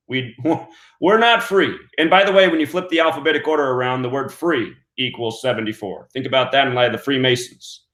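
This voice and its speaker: A man's voice: mid-range voice, fairly quick, fairly bright tone. Emphatic man, echoey room. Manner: emphatic, counting out numbers, rhetorical questions. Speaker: online show host. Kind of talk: monologue commentary. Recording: roomy echo.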